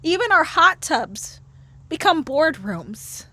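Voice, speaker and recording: A woman's voice: high-pitched, very animated, takes it slowly, bright, forceful tone. A woman guest in a casual interview, speaking playfully and laughing often. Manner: playful, laughs often, acts out inner voices. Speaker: podcast guest, herbal medicine lecturer.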